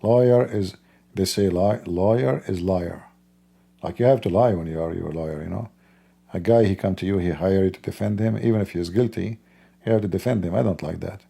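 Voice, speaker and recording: A man speaking slow, simple English with non-native grammar, laughing and teasing as he talks. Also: deep voice, vocal fry, dark tone, husky. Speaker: livestream host. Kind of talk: casual mocking commentary.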